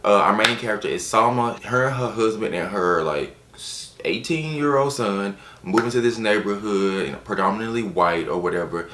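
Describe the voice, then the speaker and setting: A man casually reviewing books on his channel, chatty and animated, with playful asides. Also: on the low side, moderate pace, few pauses, reverberant, slight background noise. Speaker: book reviewer. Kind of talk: casual book review vlog.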